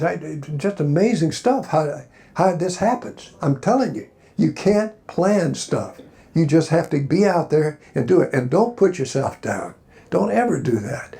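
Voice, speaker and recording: A man's voice: a little high, vocal fry, dark tone. An older man from Alabama, a convention panel guest telling rambling, folksy stories and encouraging the crowd. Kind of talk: storytelling Q&A. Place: hotel convention panel room.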